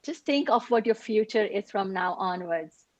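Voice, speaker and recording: A woman's voice: medium pitch, moderate pace, no echo, dull audio. A woman sharing a grateful, emotional healing testimony on a video call. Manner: heartfelt, grateful, gets emotional. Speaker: participant sharing a healing story.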